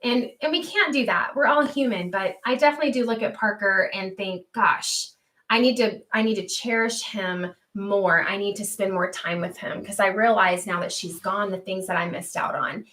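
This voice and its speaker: A woman's voice: mid-range voice, moderate pace, bright, forceful tone. A woman hosting a homestead livestream, chatting earnestly and reading viewer comments aloud, laughing easily.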